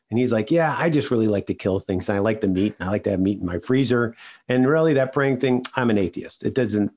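Older man, low voice, earnest, halting storyteller, casual interview. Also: darkish tone. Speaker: regular podcast host, interviewed guest.

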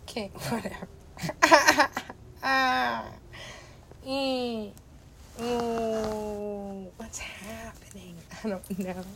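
Woman DJ, slow and meandering, casual swearing, laughs a lot. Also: on the high side, fairly even intonation, pushed and bright, a little hiss or hum. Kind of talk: rambling casual monologue.

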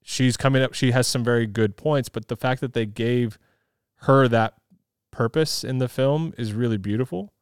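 A man's voice: mid-range voice, normal speed, smooth, no echo, studio quality. A man co-hosting a podcast, explaining differences between book and film in a thoughtful, hedging way. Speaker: podcast co-host. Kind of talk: casual movie chat.

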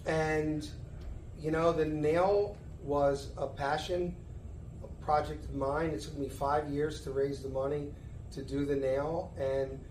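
A man's voice: on the high side, slow pace. Middle-aged Philadelphia man in a roomy echo. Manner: animated storyteller who acts out dialogue. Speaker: guest. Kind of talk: casual storytelling interview. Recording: roomy echo, faint background noise.

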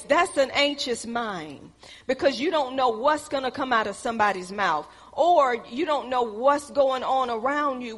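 A woman preaching a sermon, telling stories and building to excited emphasis. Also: sits high, big-room sound. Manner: storytelling, rising to excited emphasis.

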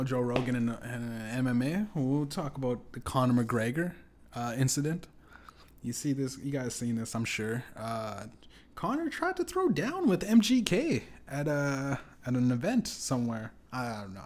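A young man hosting a solo podcast, ranting in a loose, profane, rambling way with sudden loud jumps in pitch. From Canada. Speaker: podcast host.

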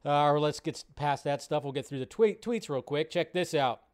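A man with a fairly high voice hosts a casual live show. He rambles, restarts his sentences and swears freely, and his rants grow loud and animated. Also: fairly quick. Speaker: host.

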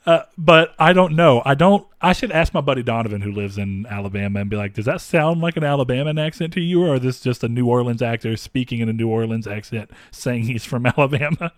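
A man's voice: medium pitch, fast talker, hardly any pauses, dry recording, clean studio sound. A young man from the American South co-hosting a podcast, chatting casually and rambling with many fillers and frequent laughs. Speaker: podcast co-host. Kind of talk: casual chat.

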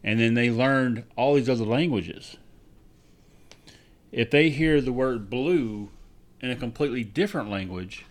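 Relaxed, wry man in casual chat. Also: medium pitch, a little slow, long pauses. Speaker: podcast co-host.

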